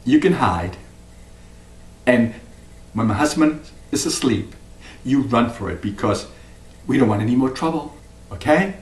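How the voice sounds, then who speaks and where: Man doing a calm matter-of-fact mother. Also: mid-range voice, a little slow, pauses often, voice pushed down, natural voice. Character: calm unbothered mother with a strong baby. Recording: roomy, mic at a distance.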